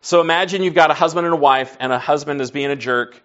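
A man's voice: fairly high pitch, fast, fairly bright tone, muffled recording. A man preaching to a class in a conversational teaching style, folksy, asking the group questions and answering them himself. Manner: folksy, says y'all and like.

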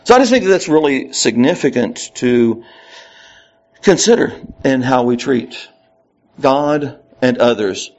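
A man's voice: medium pitch, animated, unhurried, darkish tone, lo-fi sound. A man preaching a conversational Bible lesson, reading verses aloud with rising emphasis between casual asides. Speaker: pastor. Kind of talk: Bible teaching sermon.

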